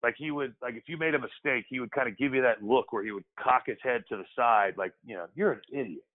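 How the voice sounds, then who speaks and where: Medium in pitch and fairly even in intonation, this man speaks fast through a tinny, phone-like connection. A former pro basketball player, he reminisces as an interview guest in a loose, conversational storytelling style, restarting often.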